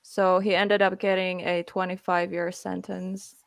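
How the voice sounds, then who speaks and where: A woman's voice: lowish voice, level tone, measured pace, gravelly, dry recording. A woman from Finland, an English speaker with a stuffy nose, hosting a casual live-stream chat and reading from her notes with lots of fillers. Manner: chatty, reads from notes, frequent fillers. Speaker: host.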